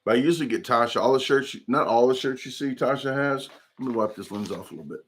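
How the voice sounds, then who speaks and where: Brief: male streamer, mid-pitched, loose rambling chat with viewers. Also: fast. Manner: rambling, chatty, reads chat comments aloud. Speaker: livestream host. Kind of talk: casual livestream chat.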